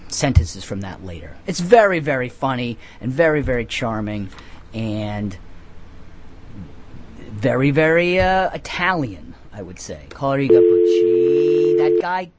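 A man hosting a comic call-in radio show, rambling in a deadpan, absurd way with many halting restarts. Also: mid-range voice, noisy background.

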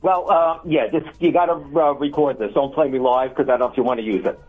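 A man's voice: fairly high pitch, fairly even intonation, fast talker, breathy edge, soft background music. A man calling a radio show who hesitantly tells a joke about his college days. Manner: hesitant, lots of ums. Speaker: caller. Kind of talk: telling a joke on the phone. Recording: tinny phone line.

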